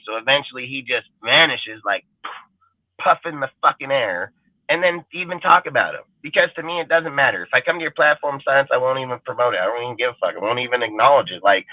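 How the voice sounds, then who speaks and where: A man's voice: medium pitch, lively intonation, a little fast, dry recording. A man hosting a fan show, ranting in a heated, profane, emphatic way. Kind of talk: livestream rant. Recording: dry phone-like audio.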